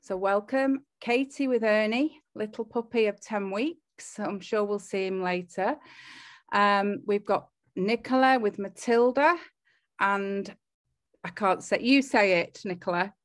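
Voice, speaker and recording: A woman's voice: medium pitch, measured pace. An English woman hosting a casual chat show, chatty and hesitant with fillers. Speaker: host.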